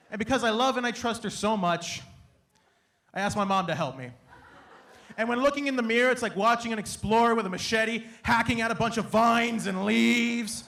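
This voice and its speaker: A young man from Canada doing an animated, playful stand-up comedy set on a stage, acting out his family in quick bits. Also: very high voice. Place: comedy stage before a live audience.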